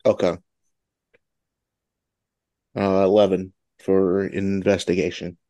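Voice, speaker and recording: A man playing a tabletop game, hesitant and soft-spoken. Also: sits low, flat delivery, slow pace, no echo. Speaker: player.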